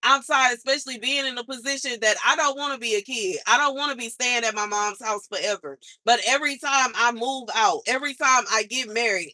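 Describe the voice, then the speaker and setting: Bright-voiced woman venting on stream. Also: high voice, no echo. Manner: exasperated venting, repeats herself, slangy. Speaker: livestreamer. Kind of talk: casual livestream rant.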